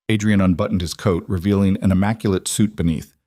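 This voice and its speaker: A man narrating a scripted story in a steady, measured storytelling voice. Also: low voice, dry recording, studio quality.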